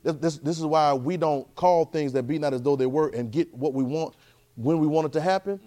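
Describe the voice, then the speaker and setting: A man teaching a Bible class in a sermon style, animated, with constant call-and-response checks of his listeners. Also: on the high side, fairly quick. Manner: repetitive call-and-response, keeps asking "right?"; animated, swings loud and soft.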